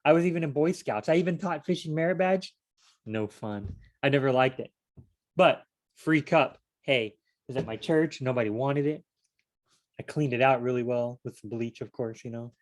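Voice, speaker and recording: A man's voice: mid-range voice, normal speed. Chatty man reading and discussing scripture. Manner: digressive, chatty asides and restarts. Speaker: Bible study vlogger. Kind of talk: reading scripture aloud with casual commentary.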